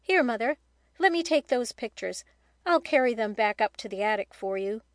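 A woman's voice: on the high side, lively intonation, moderate pace, no echo, studio quality. A woman reading the part of a kind, grateful boy speaking to a pony in an audiobook.

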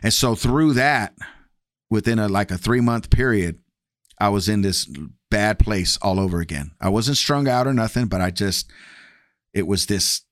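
A man's voice: on the low side, normal speed, no echo, studio quality. A man telling his personal testimony in a casual, candid way, acting out past conversations with shifting voices. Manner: candid, acts out past dialogue with varied voices. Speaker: guest sharing testimony.

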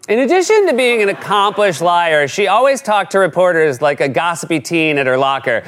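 A man's voice: high voice, very animated, a little fast, few pauses, noisy background. A man hosting a late-night comedy show, giving a scripted monologue in a wry, sarcastic way.

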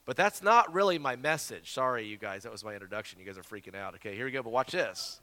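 A man from South Carolina, an evangelist preaching a sermon and telling a story with lively, repeated words. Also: medium pitch, quick pace. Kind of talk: sermon with Bible reading. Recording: long hall reverb.

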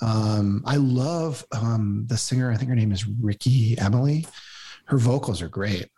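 A man's voice: mid-range voice, measured pace, dark tone, slightly rough. A man co-hosting a podcast, frank and opinionated in casual chat. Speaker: podcast co-host.

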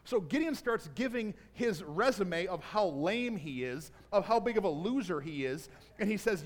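A man preaching a sermon to a congregation in a church, telling Bible stories and building to a shouted call to action. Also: high-pitched, animated, normal speed. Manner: builds from storytelling to shouted exhortation. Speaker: pastor. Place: church sanctuary. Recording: long hall reverb.

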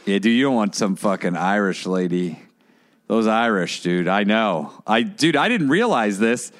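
A man's voice: lowish voice, expressive, moderate pace. A young man co-hosting a podcast in crude, casual chat, swearing and saying "dude" a lot. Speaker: podcast co-host.

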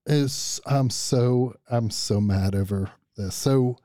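A man in his fifties telling a story with animated exasperation as a podcast guest. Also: mid-range voice, takes it slowly, no echo, studio quality. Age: 50s. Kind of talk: casual storytelling.

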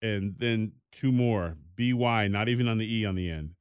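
A man co-hosting a casual talk show, telling stories in an animated way and slipping into high mock voices. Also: moderate pace, clear, resonant tone, no room sound, dull audio. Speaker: podcast co-host. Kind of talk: casual chat.

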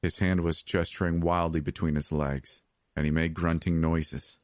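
A man reading a scripted horror story as podcast narrator, steady and measured. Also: low-pitched, no room sound, clean studio sound.

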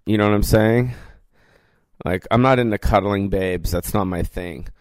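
A man's voice: fairly low pitch, moderate pace, clean tone, dry recording. Rambling, foul-mouthed male podcast host. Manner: rambling, profane, lots of fillers. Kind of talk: casual solo rant. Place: recorded alone without producers.

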